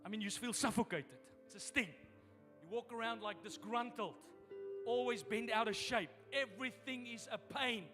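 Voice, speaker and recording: A man's voice: very high-pitched, normal speed, long reverb tail, music in the background. A man preaching a sermon as pastor, repeating phrases for emphasis as his intensity rises. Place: church sanctuary.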